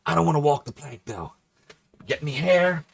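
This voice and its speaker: A male streamer putting on a playful pirate voice to thank his viewers, loud and theatrical. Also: on the high side, expressive, normal speed, creaky, slight background noise, pitched above the performer's own voice. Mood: jolly pirate. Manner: growly pirate talk, mock-theatrical.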